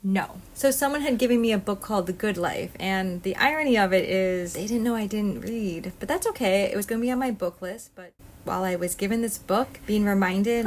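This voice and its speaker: A woman's voice: medium pitch, brisk, slight background noise. Blunt rambling woman podcaster. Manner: scattered, stream-of-consciousness, blunt and emphatic. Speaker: podcast host. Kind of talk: rambling solo podcast monologue.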